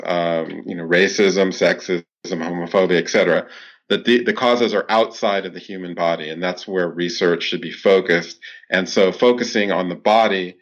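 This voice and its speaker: The audio is dull and lo-fi as a clinical psychologist with a deep, slightly bright voice fields interview questions. He gives long explanations, stumbling through many fillers and restarts.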